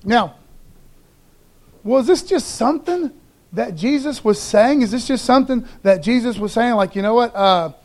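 A man's voice: extremely high pitch, expressive, a little slow, pauses often, a little mellow. A man preaching a sermon as a pastor, in a casual, enthusiastic way with slangy asides.

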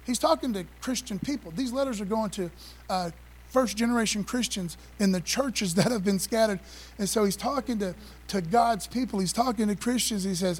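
A man with a fairly high voice preaches to his congregation in a loose, conversational way. He leans hard on key phrases and keeps throwing rhetorical questions at the listeners. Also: moderate pace. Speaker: pastor. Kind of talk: sermon.

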